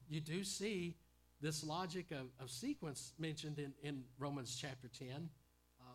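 Guy preaching a sermon, kinda high voice, earnest, lots of uh and repeats. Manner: earnest teaching tone, frequent repeated words and fillers.

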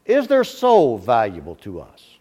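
A man's voice: medium pitch, measured pace, breathy edge, muffled recording. Guy preaching a sermon, voice swoops up and down a lot, lots of rhetorical questions. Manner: rhetorical questions, emphatic and lively.

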